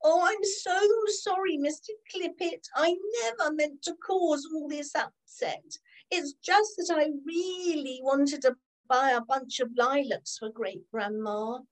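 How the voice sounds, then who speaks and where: A woman's voice: sits high, slow pace, pitched above the performer's own voice, low-quality recording. A woman voicing a young male furry creature who speaks earnestly and apologetically, like a storybook character. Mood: apologetic.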